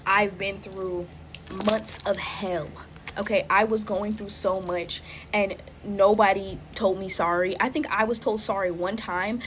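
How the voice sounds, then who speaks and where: A woman's voice: mid-range voice, steady tone, a little slow, fairly bright tone. Chatty young woman, noisy recording. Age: 20s. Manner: chatty, drawling, fillers like "like" and "y'all". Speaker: slime-making creator. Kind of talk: casual storytime while making slime.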